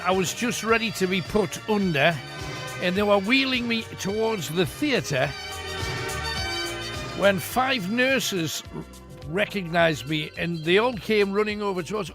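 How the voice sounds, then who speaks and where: A chatty, joking man hosts a late-night radio phone-in, his voice pitched high. He coaxes callers along in a loose, friendly patter. Music plays clearly behind him. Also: expressive, measured pace. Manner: chatty, jokey, coaxing.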